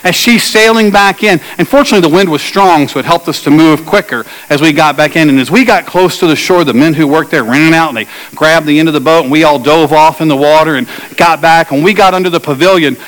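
Pastor guy, kinda high voice, tells a story in his sermon and acts out the yelling parts. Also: fast talker, few pauses, long reverb tail, low-quality recording. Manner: animated storytelling, acts out shouted quotes.

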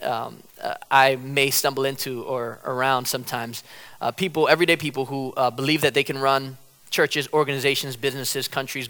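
A man preaching a sermon, conversational and humorous, acting out quotes dramatically and rising at times to loud cries. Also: mid-range voice. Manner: dramatic, acts out quotes, rises to shouts.

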